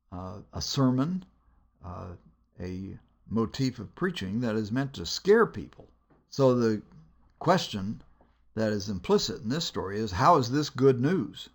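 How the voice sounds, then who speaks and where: A man giving a teaching lecture on biblical storytelling, measured and deliberate, pausing with hesitations between phrases. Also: medium pitch, a bit bright. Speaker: Bible lecturer.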